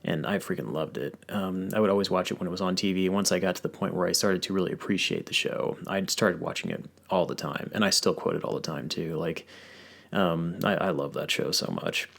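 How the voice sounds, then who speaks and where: A man's voice: low voice, steady tone, fairly quick, vocal fry, a bit bright. A male podcast host chatting casually, rambling through long stories with lots of fillers and restarts. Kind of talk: casual chat.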